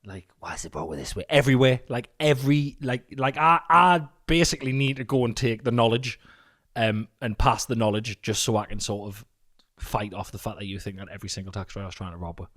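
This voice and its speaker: A man's voice: mid-range voice, fast, a bit bright. A man, co-hosting a podcast in casual chat, swearing freely and telling stories with mimicked voices. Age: 40s. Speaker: podcast co-host.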